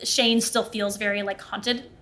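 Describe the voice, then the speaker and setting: At a measured pace and in a mid-range voice, a young woman hosting a podcast relates a personal story in casual conversation. She tells it with animation and acts out the other people's voices.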